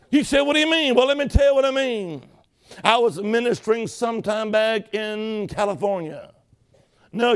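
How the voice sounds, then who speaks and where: A man preaching a sermon, telling a story with emphasis and calling on the congregation to respond. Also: high voice.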